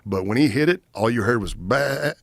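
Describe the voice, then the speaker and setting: A man in his fifties tells his story with a lively, storyteller's energy and acts out the other people's lines as he goes. His voice sits low. It is dry and close, with no room sound around it. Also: quick pace, no echo. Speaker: retired undercover agent, podcast guest. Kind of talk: storytelling in a podcast interview.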